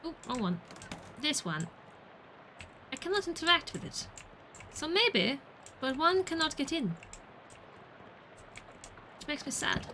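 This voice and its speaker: Chatty woman gaming streamer, bright voice. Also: high-pitched, sing-song, slow pace, long pauses, slight background noise, low-quality recording. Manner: chatty and playful, muttering to herself with wordplay. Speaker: streamer playing a video game. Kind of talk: gaming livestream commentary.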